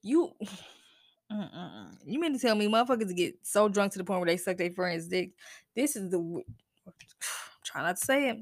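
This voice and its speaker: A woman's voice: mid-range voice, big pitch swings, normal speed, long pauses, dry recording. A woman hosts her podcast in a loose, casual chat, her voice bouncing widely up and down as she rants. She swears freely, sounds fed up and keeps breaking off into sighs and laughter. The recording is dry and close, with no room sound. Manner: profane, exasperated, laughs and sighs often. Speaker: podcast host.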